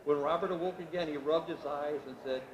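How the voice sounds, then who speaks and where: A man reading his novel aloud at a literary event, with steady, measured narration. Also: a little high. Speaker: author reading his work. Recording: echoey room with background noise.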